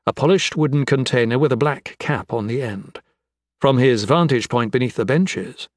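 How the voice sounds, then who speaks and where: A man reads a fantasy novel aloud in a measured, dramatic audiobook style. His voice sits at an ordinary middle pitch, and the recording is dry and close with no room sound. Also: dry recording. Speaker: narrator. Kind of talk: audiobook narration.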